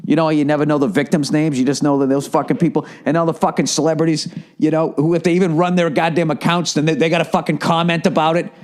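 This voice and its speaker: A man rants through a solo podcast, swearing freely and throwing in sarcastic asides. His voice sits a little high for a man. He comes from the Boston area and talks in a loose, fired-up monologue. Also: flat delivery, fast talker. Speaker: podcast host.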